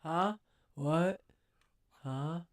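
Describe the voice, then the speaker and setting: A woman's voice: sits low, extremely slow. A woman co-hosting a casual podcast who teases playfully and keeps cutting in. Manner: teasing, playful, cuts in. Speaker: podcast co-host. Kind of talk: casual bar-talk podcast chat.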